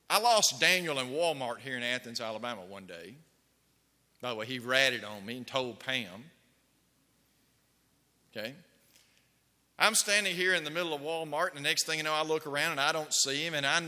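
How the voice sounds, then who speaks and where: A man's voice: a little high, sharp tone. A man preaching a sermon, telling stories and putting questions to his congregation. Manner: storytelling, asks the congregation questions. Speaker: pastor. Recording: long hall reverb.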